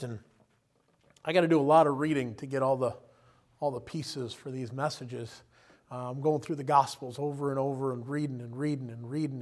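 A man preaching a sermon in a casual, conversational way, often chuckling and acting out the people he quotes. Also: medium pitch. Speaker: pastor.

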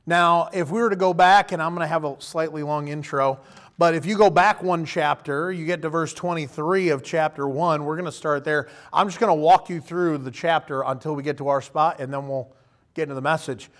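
A man in his thirties delivers a sermon in a loose, conversational way, his voice sitting high for a man. He keeps breaking into little acted-out voices of the people he quotes. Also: fairly quick. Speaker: pastor.

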